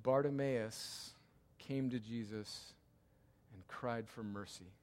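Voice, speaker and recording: A male pastor preaching in a church, his voice trailing off into a long hall reverb. He presses his points by repeating them, rising to loud cries and then sinking to near-hushed tones. His pitch sits in an ordinary middle range for a man. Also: takes it slowly. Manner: emphatic, repeats key lines, swings between loud cries and hushed tones. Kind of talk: sermon.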